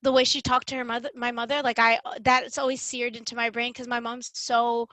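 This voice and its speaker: Bright high-voiced young woman storyteller. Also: fairly quick, no echo, low-quality recording. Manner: animated, chatty, lots of "like" fillers. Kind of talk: casual storytelling.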